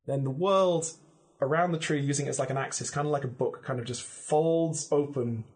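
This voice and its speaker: Podcast guest guy pitching a story, vivid and loose, lotta "like"s. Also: brisk, darkish tone. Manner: vivid, descriptive, full of "like" fillers.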